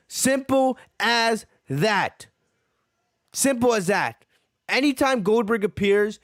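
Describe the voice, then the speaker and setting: A man's voice: high voice, no echo, clean studio sound. A man hosting a podcast, giving a heated, profane wrestling review that repeats its points. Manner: ranting, repeats himself, profane. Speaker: podcast host.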